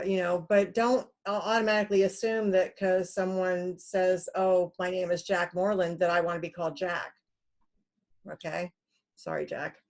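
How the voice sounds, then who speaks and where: A woman giving a recorded computer science lecture, her voice sitting at an ordinary middle pitch. She talks in a loose, chatty way with plenty of fillers, now and then acting out a stressed caller in a quick aside. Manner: relaxed, conversational, many fillers; acts out callers in quoted asides.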